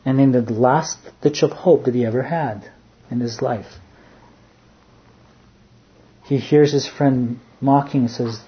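A man preaching a sermon, earnest in tone, dropping to a hush when he quotes. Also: medium pitch, fairly even intonation, a little slow, pauses often. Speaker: pastor. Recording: dull lo-fi sound, faint background noise.

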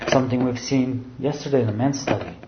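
A man's voice: mid-range voice, brisk, background noise. A man preaching a sermon who explains scripture and keeps restating his phrases. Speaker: pastor. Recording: roomy, dull sound.

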